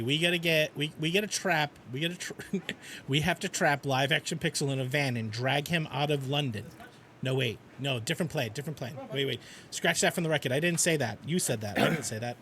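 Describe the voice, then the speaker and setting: A man's voice: fairly high pitch, a little fast, pushed and bright, slight background noise. A man streaming live, chatting casually, joking, swearing and talking to his dog. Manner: playful, swears a lot, talks to his dog.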